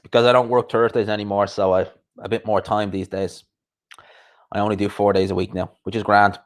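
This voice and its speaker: A man with a lowish voice hosts a casual live-stream chat. He rambles in a conversational way, reading out viewers' comments and answering them as he goes. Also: flat delivery, brisk. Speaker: host of a live boxing chat show.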